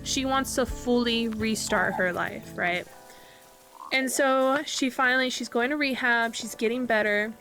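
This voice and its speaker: A woman's voice: on the high side, measured pace, music in the background. A woman host casually narrating a game storyline in a chatty way, with lots of fillers and tag questions. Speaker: channel host.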